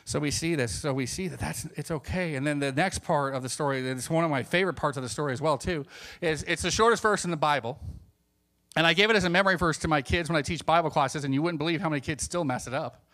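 An animated man preaching a sermon with a fairly high voice. He drops to hushed tones and then builds to emphatic points. He acts out the voices of the people he quotes. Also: fast.

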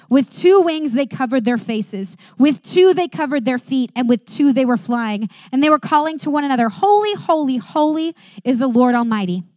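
A woman delivers a sermon, reading scripture and preaching with earnest conviction. Her voice sits a little high and swings from bright, lifted phrases to soft, quiet emphasis. The sound is close and dry, with no room echo.

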